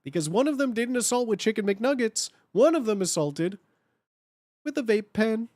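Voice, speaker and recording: Man, live streamer, casual, thinks aloud, repeats himself, fairly high voice. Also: expressive, normal speed, darkish tone, no room sound. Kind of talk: casual live-stream commentary while editing.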